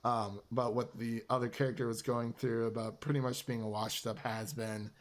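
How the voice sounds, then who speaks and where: A man's voice: medium pitch, level tone, brisk. A young man co-hosting a casual film review podcast, laughing often and animatedly retelling scenes. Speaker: podcast co-host.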